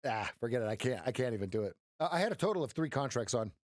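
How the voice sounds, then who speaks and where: A man with an expressive mid-range voice races through live-stream trading commentary, recorded dry and at studio quality. Coaching viewers through trades, he's playful and jokey and breaks into sound effects.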